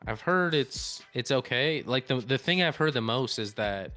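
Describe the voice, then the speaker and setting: A man's voice: mid-range voice, expressive, normal speed, sharp tone, faint music behind. A man co-hosting a sports chat, telling stories in a chatty, laid-back way. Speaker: co-host.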